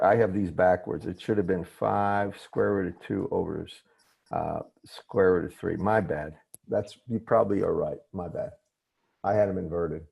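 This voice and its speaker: A man teaching a class over a video call, his voice low, gravelly and husky. He often stops mid-thought to correct himself and say sorry, then goes on. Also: a little mellow. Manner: apologetic, restarts and self-corrections. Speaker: professor. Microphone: computer mic on a video call.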